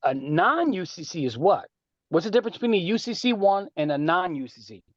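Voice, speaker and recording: Male call speaker, high voice, cocky and animated, slangy; muffled dry call audio. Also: a little fast, no echo. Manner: boastful, animated, streetwise slang. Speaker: speaker answering callers on a group call. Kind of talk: casual lecture and Q&A.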